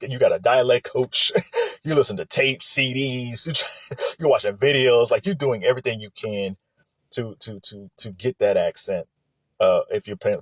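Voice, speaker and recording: A man gives casual vlog commentary on movies, chatty and lively, often restarting and laughing. His voice is lowish and husky, with no echo.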